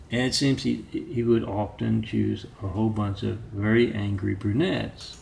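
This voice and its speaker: A low-pitched man with a gravelly, creaky voice talks very slowly. He rambles through a self-made monologue, halting often and filling his pauses as he goes. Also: steady tone, darkish tone. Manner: halting, meandering, with many filler pauses.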